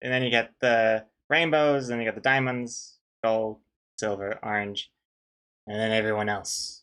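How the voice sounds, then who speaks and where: A young man on a live stream chats casually while drawing a comic, rambling, mocking himself, reading out chat messages and greeting viewers. His fairly low voice is clear, resonant and a bit bright, with fairly even intonation and a measured pace.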